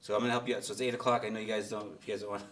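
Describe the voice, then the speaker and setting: A man hosting a real estate investor meetup, coaching a newcomer in fast, blunt talk with plenty of restarts, his voice picked up from off the mic. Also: lowish voice, level tone, fairly bright tone, far from the mic. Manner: fast, blunt, repeats himself, jokes with the group. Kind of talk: live coaching Q&A in a meeting room.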